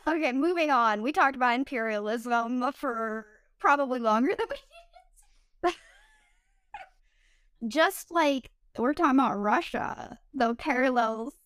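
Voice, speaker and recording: A woman hosting a casual podcast chat, talking loosely with lots of "like" fillers and quick disclaimers. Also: sits high, lively intonation, a bit bright, clean tone, no room sound. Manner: chatty, many "like" fillers, quick asides and self-disclaimers. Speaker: podcast host.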